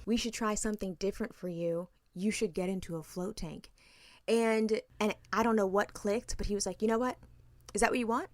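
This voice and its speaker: A woman's voice: mid-range voice, steady tone, brisk, no echo, studio quality. A woman in her thirties, a podcast co-host telling a story in casual chat, blunt and profane, breaking into hard laughter.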